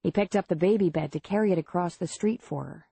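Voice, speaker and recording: A woman narrating a romance audiobook in a measured, even way. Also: fairly low pitch, creaky, breathy edge, dry recording. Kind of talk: scripted narration.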